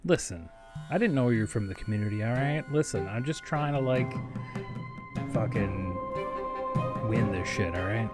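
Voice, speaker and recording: Short brash male racer as a man plays him, crude, swaggering, low voice, music in the background. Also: animated, moderate pace, long pauses, natural voice.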